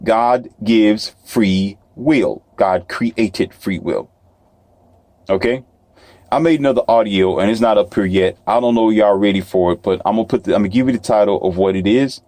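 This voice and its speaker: A man with a lowish, slightly mellow voice speaks at normal speed in a dry recording. He's a self-published author and talk host giving a casual, rambling, preachy solo monologue, now and then raising his voice to mock imagined doubters.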